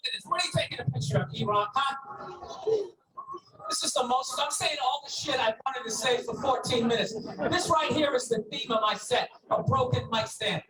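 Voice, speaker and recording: Male stand-up comic, very high voice, shouting abuse at the audience on an outdoor stage. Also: normal speed. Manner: shouting, insulting the crowd. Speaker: stand-up comedian. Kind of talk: stand-up rant. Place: outdoor stage before a seated crowd. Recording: echoey, distant live recording with loud noise.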